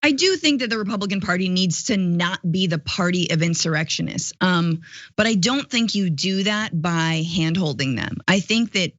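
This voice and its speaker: A woman in her thirties giving animated, impassioned political commentary in casual chat, dropping quick asides. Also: on the low side, dry recording, highs cut off. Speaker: guest co-host, political commentator.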